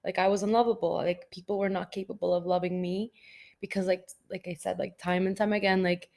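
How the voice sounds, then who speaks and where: A woman's voice: flat delivery, fairly quick, creaky, darkish tone. A woman co-hosting a podcast in casual chat, candid and reflective, with frequent "like" fillers. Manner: candid, many "like" fillers, mid-range pitch. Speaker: podcast co-host.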